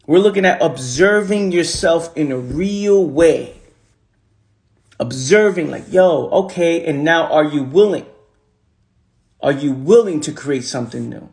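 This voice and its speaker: On a livestream, a man with a fairly high, slightly mellow voice talks into his phone, delivering a motivational talk. His manner is preachy, casual and full of street slang, and he drives home each point emphatically by repeating it.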